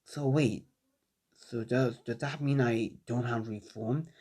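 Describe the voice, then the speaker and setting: An anxious teenage boy hero, hurt and unsure of himself, read by a man. He speaks quietly and haltingly, full of doubt. A plain fan-story delivery at a middle pitch. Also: fairly even intonation. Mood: confused.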